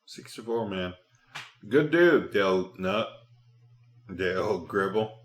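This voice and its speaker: A man's voice: lowish voice, animated, takes it slowly, echoey room, a little hiss or hum. A man hosting a podcast, rambling casually with lots of profanity. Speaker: podcast host.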